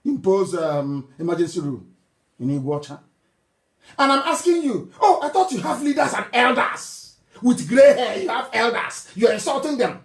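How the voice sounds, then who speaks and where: A man's voice: high voice, very animated, normal speed. A man from southeastern Nigeria, giving a fiery political broadcast, scolding and mocking his listeners with scornful laughs. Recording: roomy echo.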